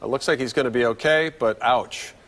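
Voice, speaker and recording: A man commentating on news footage with halting, hesitant phrasing. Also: medium pitch, a bit bright, a little hiss or hum.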